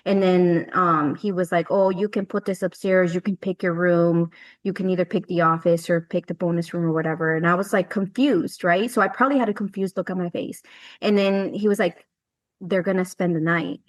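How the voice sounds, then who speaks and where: A woman's voice: on the low side, dry recording. A woman podcast co-host in casual chat, telling stories and acting out the dialogue, swearing casually.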